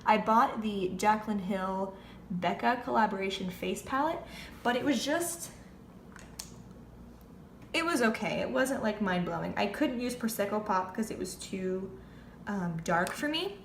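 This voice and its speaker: A young woman in casual chat, rambling on with plenty of "like" and "whatever" as she tells her story. Her voice sits at an ordinary middle pitch. The echoey room has a faint hiss underneath. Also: animated, a little slow. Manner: chatty, rambling storytelling with many fillers. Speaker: beauty vlogger.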